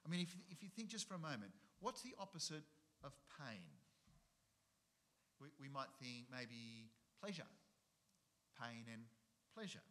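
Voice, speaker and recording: A man's voice: medium pitch, very animated, unhurried, pauses often, pushed and bright. A middle-aged man, preaching a sermon and driving his points home with rhetorical questions and repetition. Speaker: pastor.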